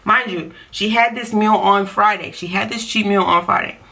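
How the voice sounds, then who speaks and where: A woman's voice: medium pitch, steady tone, normal speed, creaky, sharp tone. A woman coaching on diet in a casual vlog, chatty and repeating her points for emphasis.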